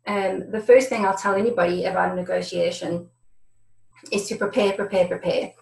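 A woman's voice: on the low side, steady tone, moderate pace, vocal fry, a little mellow. A woman giving a conversational webinar presentation on negotiation, often stopping and repeating words as she goes. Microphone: video conference setup. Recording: roomy echo.

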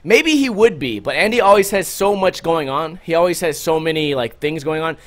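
Animated, profane male podcast host. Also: fairly high pitch. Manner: animated, profane storytelling with acted-out quotes. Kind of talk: casual storytelling podcast.

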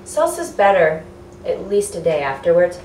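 A woman's voice: lowish voice, very animated, normal speed, a little mellow, slight background noise. A woman hosting a home cooking show, chatting easily and laughing often. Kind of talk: casual cooking show chat. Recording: echoey kitchen, distant mic. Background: dishes and pans.

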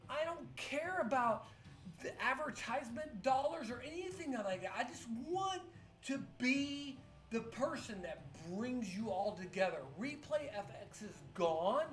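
A woman's voice: high voice, expressive. Drunk, tearful woman streamer. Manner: halting, rambling and profane, with many restarts. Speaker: pinball streamer. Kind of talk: emotional live-stream monologue. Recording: echoey room with faint music. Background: faint music.

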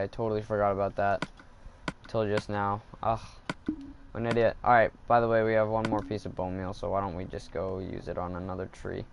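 A man's voice: on the low side, slight background noise. A man casually commenting while he plays a video game, thinking aloud and getting annoyed at the game. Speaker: gaming video host.

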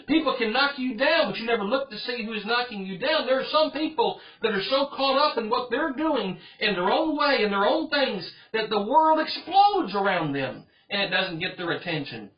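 A man's voice: extremely high pitch, sing-song, normal speed, few pauses, dull audio. A pastor giving an earnest Bible study sermon, driving his points home by repeating phrases.

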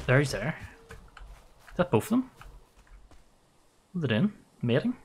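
A man streaming a game with playful, excitable commentary and frequent laughter. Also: mid-range voice, breathy edge. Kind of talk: live gameplay commentary.

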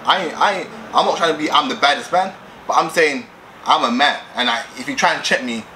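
Brash young vlogger, mid-pitched and insistent, faint background noise. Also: male voice, pushed and bright, poor audio. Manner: assertive, repetitive, streetwise slang. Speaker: vlogger giving dating advice. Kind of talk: casual advice vlog.

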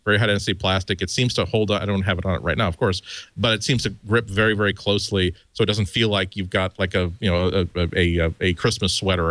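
Man, tech podcast panelist, lowish voice, rambling, lots of restarts, dry close sound. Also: a bit bright, no echo. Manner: rambling with many restarts and fillers. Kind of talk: casual tech review chat.

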